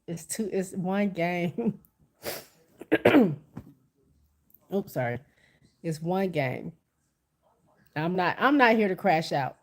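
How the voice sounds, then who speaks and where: A livestreamer, congested from a cold, talks casually to viewers and reads their comments aloud. The voice sits in a mid range and is neither high nor low. The delivery is loose and conversational, with frequent stops and restarts. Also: darkish tone. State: stuffy from a cold.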